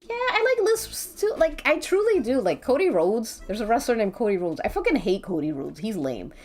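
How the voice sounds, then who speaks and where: Drawing on a live stream, a woman chats casually in a brisk, sing-song, slightly mellow mid-range voice. She rambles, swears offhandedly, and giggles and hums to herself, with faint music in the background.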